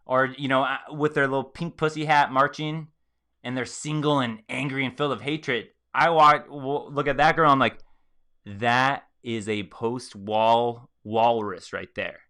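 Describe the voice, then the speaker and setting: A man's voice: medium pitch, steady tone, moderate pace, pushed and bright. A man hosting a live stream, commenting on a video and acting out the quoted reactions of others with emphasis. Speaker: host.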